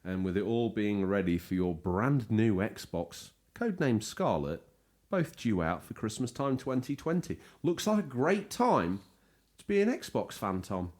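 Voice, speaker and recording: A man's voice: on the low side, big pitch swings, a little slow, a little mellow. A man co-hosting a casual gaming podcast, teasing his co-host and slipping into hammy voice impressions. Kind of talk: jokey casual podcast chat.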